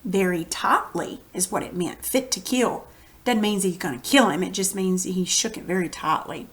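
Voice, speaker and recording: A woman's voice: fairly low pitch, moderate pace. Texan woman teaching a reading lesson. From Texas. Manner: friendly explaining, conversational.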